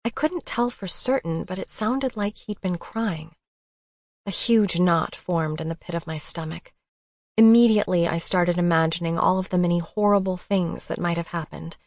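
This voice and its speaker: A woman narrating a romance audiobook in the first person, expressive and emotional. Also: lowish voice, normal speed, no echo, clean studio sound.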